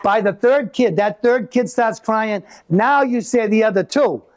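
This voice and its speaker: High-voiced man doing stand-up. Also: a little slow. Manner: animated storytelling with acted-out voices. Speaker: stand-up comedian. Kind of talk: live stand-up comedy. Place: live venue with an audience.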